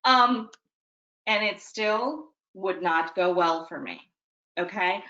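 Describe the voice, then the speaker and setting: A woman with a mid-range voice presents a parenting webinar, speaking slowly in a pushed, bright tone over dull audio. She keeps it conversational, with dry, self-mocking humor, and often checks in by asking "okay?"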